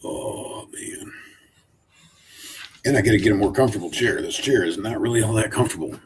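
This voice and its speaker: This Oregon man hosts a laid-back home live stream, talking at length to his dog while seated in a wooden chair. He speaks on the low side and fairly quickly, with slight noise behind him.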